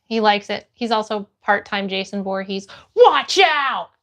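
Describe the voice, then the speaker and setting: A woman's voice: medium pitch, little pitch movement, moderate pace. A woman livestreamer reading her chat aloud, upbeat and greeting viewers by name.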